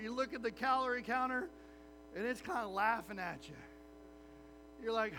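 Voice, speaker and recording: High, bright-voiced man preaching a sermon. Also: a little hiss or hum, poor audio. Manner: animated, acts out little voices of his listeners. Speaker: pastor.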